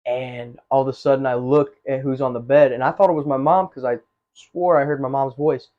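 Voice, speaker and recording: Earnest halting man telling his story. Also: mid-range voice, fairly even intonation. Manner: earnest, halting, many restarts and fillers. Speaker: testimony guest. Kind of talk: personal testimony, casual storytelling. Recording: slightly dull, muffled recording.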